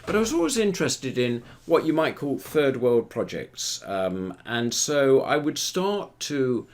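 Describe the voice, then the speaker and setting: An older man, a retired theatre performer, telling long anecdotes about his career in a rambling, relaxed way with frequent fillers. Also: mid-range voice, unhurried. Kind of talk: relaxed storytelling interview.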